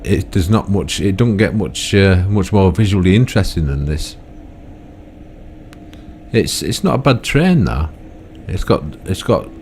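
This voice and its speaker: A man's voice: low-pitched, a little mellow, a little hiss or hum. An older man giving rambling, chatty commentary on his own gameplay, full of tag questions and self-mocking asides. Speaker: gaming YouTuber.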